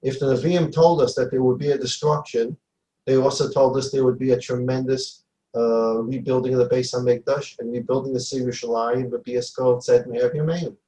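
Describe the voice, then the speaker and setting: A man's voice: mid-range voice, steady tone, fairly quick, dark tone, echoey room, low-quality recording. A man giving a Torah class as a rabbi, emphatic, repeating phrases and acting out dialogue. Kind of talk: Torah lecture.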